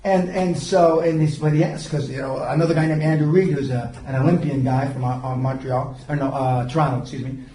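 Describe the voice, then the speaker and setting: A man's voice: fairly high pitch, steady tone, a little fast, dark tone. An older man giving a seminar, telling rambling stories in a blunt, profane way. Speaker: seminar speaker and mentor. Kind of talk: seminar lecture. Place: seminar room. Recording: echoey room from far off.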